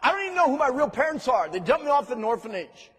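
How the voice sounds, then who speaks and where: A man voicing a bitter, hurt teenage girl, pleading and rising to anguished high outbursts, with a husky edge in a long chapel reverb. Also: big pitch swings, quick pace, fairly bright tone, heavily acted. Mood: distraught.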